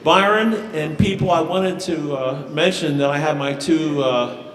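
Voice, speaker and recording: A man's voice: on the high side, a little slow. Man, piano teacher, joking emcee tone; long church reverb. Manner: chatty, joking, with uhs. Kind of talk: casual remarks to an audience. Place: church sanctuary.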